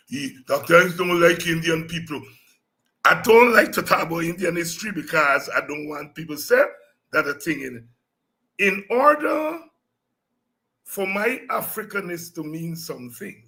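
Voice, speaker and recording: Guy hosting a talk show, high gravelly voice, bursts into song and shouts. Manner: animated storytelling, breaks into singing and shouting. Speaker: show host. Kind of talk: lively political talk show monologue.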